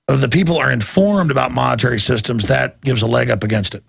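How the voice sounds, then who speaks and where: Gravelly raspy guy ranting on his show, rambling and worked up. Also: mid-range voice, fast, no echo, clean studio sound. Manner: emphatic, rambling, agitated. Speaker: show host. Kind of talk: impassioned talk-show commentary.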